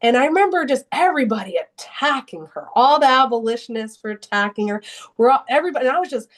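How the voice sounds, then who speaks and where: A young woman speaks as an interview guest, recounting a turning point in her faith. Her voice sits a little high, and she talks earnestly, often restarting her sentences as the emotion catches up with her. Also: expressive, quick pace. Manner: earnest and emotional, with many restarts and bursts of laughter. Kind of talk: personal testimony in an interview.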